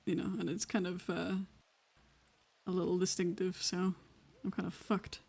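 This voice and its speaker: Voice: mid-range voice, little pitch movement, moderate pace, creaky, darkish tone, husky. A tabletop role-play player with a Welsh accent, chatting out of character in a laughing, self-deprecating way with casual swearing.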